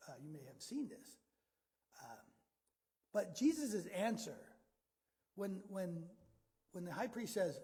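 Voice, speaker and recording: A man's voice: sits high, sing-song, measured pace, long pauses, warm tone, husky. A man preaching a sermon in a conversational way, often repeating words and asking the audience questions. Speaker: pastor.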